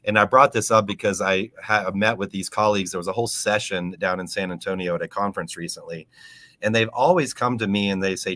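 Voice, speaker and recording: Forceful low-voiced man explaining aquaponics. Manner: teacherly, spells out terms slowly. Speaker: aquaponics educator and podcast guest. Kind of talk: explanatory interview talk.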